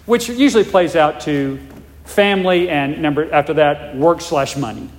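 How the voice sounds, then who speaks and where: A man's voice: a little high, moderate pace. A male pastor preaching a sermon, emphatic and repetitive, often checking in with the congregation. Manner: emphatic, repeats points, checks in with "all right?". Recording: long reverb of a large hall.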